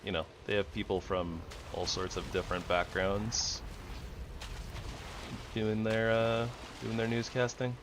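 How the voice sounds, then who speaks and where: A man's voice: on the low side, flat delivery, measured pace, noisy background. A young man chatting casually and rambling while he plays a game, chuckling often. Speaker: gaming streamer. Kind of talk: casual gameplay chat.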